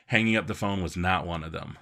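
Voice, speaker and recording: A man with a very deep, gravelly voice tells a comic story from his own life. His delivery rambles and he mocks himself, with a bright, forceful edge on the sound. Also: quick pace. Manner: rambling, self-mocking, full of fillers.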